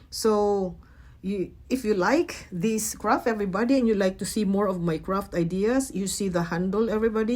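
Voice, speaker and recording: A middle-aged woman narrating a casual craft tutorial in a chatty, gentle way, with frequent fillers and self-corrections. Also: mid-range voice. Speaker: craft vlogger.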